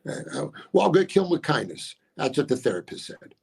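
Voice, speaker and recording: A man's voice: fairly high pitch, very animated, brisk, vocal fry, a little mellow, husky. A middle-aged man, a comedian and guest, telling long, self-mocking stories in casual chat, often stopping and restarting his sentences. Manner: rambling, self-mocking anecdotes with many restarts. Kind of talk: casual storytelling interview.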